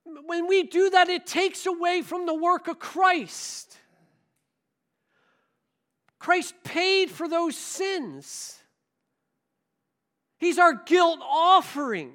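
Bright high-voiced male preacher. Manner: animated storytelling, shifts between loud and hushed. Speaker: pastor. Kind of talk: sermon.

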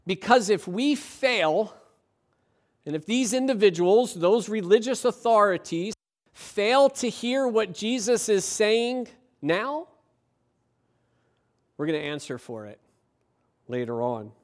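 Man, pastor, sermon, high voice, emphatic, measured, rhetorical questions. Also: animated.

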